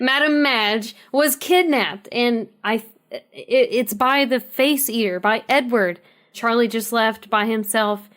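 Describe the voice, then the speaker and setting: A woman's voice: fairly high pitch, slow pace, a bit bright. Hesitant woman playing in a tabletop game. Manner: hesitant, lots of fillers and restarts. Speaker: player. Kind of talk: tabletop role-play, in character.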